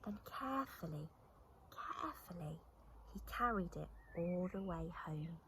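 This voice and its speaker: A woman reading a children's story aloud, expressive and animated, often dropping to a whisper. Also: lowish voice, normal speed, a little hiss or hum, poor audio.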